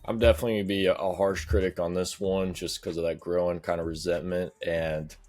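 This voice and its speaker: A man's voice: low-pitched, level tone, fairly quick, a little mellow, faint music behind. A man co-hosting a movie review show, chatting casually with laid-back, short remarks.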